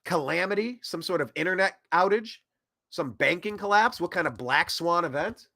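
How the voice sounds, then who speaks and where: A man hosting a political commentary show, ranting in an animated way that swings between loud and soft. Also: sits high, moderate pace, no echo, clean studio sound. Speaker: host.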